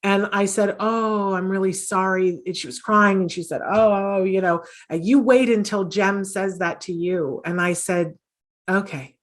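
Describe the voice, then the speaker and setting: A woman's voice: mid-range voice, fairly even intonation, measured pace. A middle-aged woman talking earnestly as an interview guest, with many fillers and restarts. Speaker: podcast host and autism mom, guest. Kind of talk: conversational interview storytelling.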